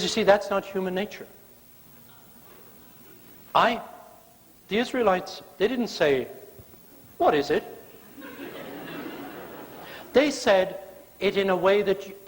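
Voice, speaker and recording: A male guest preacher delivering a sermon, telling stories with playful, acted-out quotes. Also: high voice. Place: church sanctuary. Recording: long church reverb.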